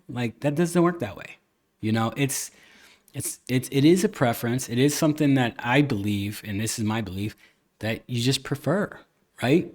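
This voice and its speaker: A man hosting a casual podcast chat, earnest and rambling, with many restarts and fillers. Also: mid-range voice. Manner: earnest, occasionally cusses. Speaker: podcast host.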